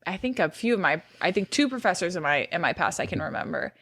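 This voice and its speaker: A woman with a bright, crisp voice chatting casually as a podcast co-host. She talks in a relaxed, earnest way at home, close to the mic with a dry sound. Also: fairly low pitch, quick pace, no echo. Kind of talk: casual chat. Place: living room at home.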